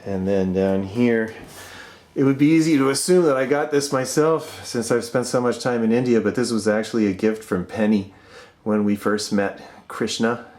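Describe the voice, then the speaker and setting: Moving through the rooms of his own home, a middle-aged man narrates a relaxed art tour for his vlog in a lowish voice. He sounds warm and affectionate about his pieces, leaning on lots of fillers and pauses, and lets his sentences fade gently at the end.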